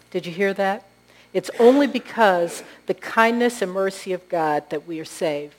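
A woman's voice: mid-range voice, moderate pace, darkish tone, poor audio. A woman preaching a sermon with earnest storytelling and rhetorical questions.

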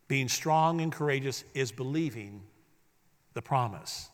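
This pastor preaches unhurriedly, his medium-pitched voice full of lively intonation. The sermon echoes through a hall as he guides the congregation in repeating lines back to him, call-and-response style.

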